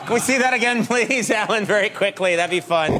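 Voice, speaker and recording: High-voiced talk show host, mock-indignant. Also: male voice. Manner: quick, mock-indignant, playful teasing. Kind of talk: late-night talk show banter. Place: television studio. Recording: loud studio audience and noise.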